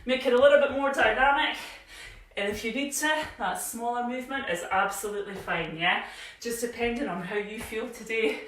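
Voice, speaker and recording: Exercising along as she teaches, a Scottish fitness instructor runs a live at-home class, a little breathless, chatty and encouraging, peppering her cues with "yeah?". She speaks briskly in a slightly high, a bit bright voice, distant in a very echoey room.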